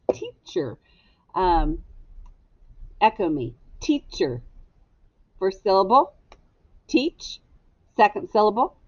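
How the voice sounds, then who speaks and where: A woman's voice: on the low side, highs cut off. A woman teacher giving a recorded phonics lesson for children, spelling words out letter by letter in a patient, encouraging way. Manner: gently encouraging.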